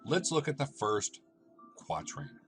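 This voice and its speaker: A man with a very low voice explains a lesson step by step, pausing between short phrases. He keeps checking that his listeners are following along. Soft music plays faintly underneath him. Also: big pitch swings. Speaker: teacher.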